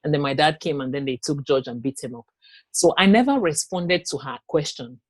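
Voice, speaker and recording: Woman recounting painful memories haltingly. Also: low voice, animated, no room sound. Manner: halting, with long pauses, restarts and acted quotes. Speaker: interview guest. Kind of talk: personal testimony in an interview.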